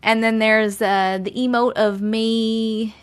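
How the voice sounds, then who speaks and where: A woman from Long Island, USA, hosts a casual live stream from home, reading chat, chatting with viewers, thanking them by name and laughing often. Her voice is fairly high, level and clean, and she speaks slowly.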